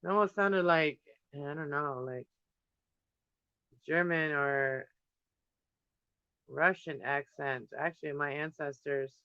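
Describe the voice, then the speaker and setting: On a home livestream, a man paints on camera and chats casually, thinking aloud as he drifts from one topic to another indoors. His voice sits on the high side, bright and forceful, with a clear, resonant tone. The recording is dry but muffled.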